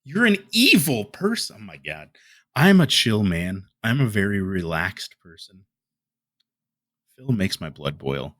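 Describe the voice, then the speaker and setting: A man's voice: low voice, big pitch swings, a little slow, long pauses, dry recording. A man delivering heated commentary as a YouTuber, ranting and trading insults.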